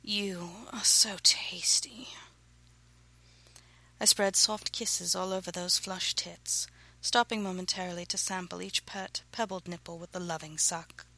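Breathy, gravel-edged woman narrating. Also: lowish voice, fairly even intonation, normal speed, low-quality recording. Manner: soft, breathy, often whispered narration. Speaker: author reading her own novel. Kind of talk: reading erotic fiction aloud.

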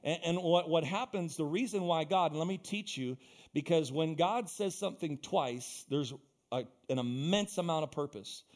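A man's voice: a little high, normal speed. A male pastor preaching a sermon in a church, building into fervent, repetitive exhortation.

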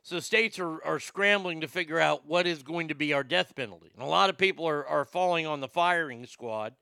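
Guy doing a talk show, high-ish gravelly voice, rambles and stutters, cracks crude jokes, dry close sound. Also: brisk, bright, forceful tone, no room sound. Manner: rambling, stammering, crude joking asides. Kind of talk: casual news commentary.

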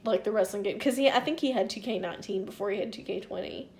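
A woman's voice: medium pitch, fast talker, a little mellow. A woman in her forties telling a long story in casual chat, rambling and swearing freely as she quotes other people. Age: 40s.

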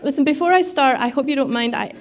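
Chatty woman preaching, slightly high voice. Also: fast. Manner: conversational, with frequent fillers and restarts. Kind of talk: sermon.

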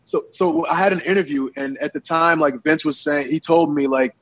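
A man tells a long story as an interview guest, his voice a touch high and husky. He talks in an animated, rambling way, full of fillers and repeated words. The recording sounds dull and muffled. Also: moderate pace, few pauses.

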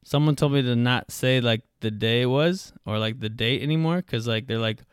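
A man's voice: mid-range voice, normal speed, smooth, dry recording, studio quality. A young man hosting a solo podcast, rambling and joking with heavy profanity and slang. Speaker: podcast host.

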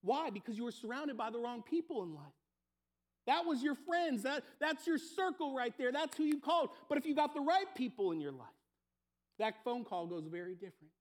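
A man's voice: very high voice, expressive, brisk. A man preaching a sermon, telling everyday stories and acting out the people in them. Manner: storytelling, acting out everyday scenes. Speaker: pastor.

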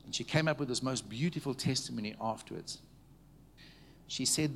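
A man preaching to a congregation, telling stories in a conversational way, checking in with the listeners and dropping to a hushed tone at tender moments. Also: mid-range voice, normal speed, vocal fry, long pauses, a little hiss or hum. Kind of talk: storytelling sermon. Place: church meeting before a live audience.

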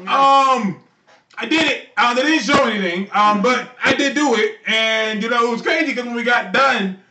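Man, podcast co-host, bright and sharp tone, animated slangy storyteller, sits back from the mic with faint hiss. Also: extremely high pitch, moderate pace, far from the mic. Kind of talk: casual chat. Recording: echoey room, off-mic, faint noise.

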